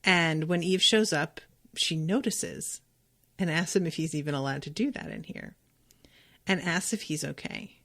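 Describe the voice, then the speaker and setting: A woman's voice: deep voice, measured pace, a bit bright. A woman hosting a podcast, recapping a TV episode in a casual, emphatic way, with lots of fillers and the odd swear word. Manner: chatty and emphatic, with frequent fillers and occasional swearing.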